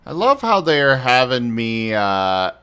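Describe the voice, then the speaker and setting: A man's voice: medium pitch, big pitch swings, slow pace, bright, forceful tone, clean tone. A man hosting a casual gaming stream, bantering playfully and teasing his friends. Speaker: streamer host.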